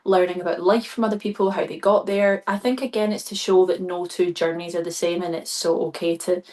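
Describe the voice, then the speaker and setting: A woman's voice: on the low side, fairly even intonation, fairly quick, a little mellow. A stage performer, a woman, chatting as a podcast guest, gushing and enthusiastic with many fillers. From Scotland. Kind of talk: casual podcast chat.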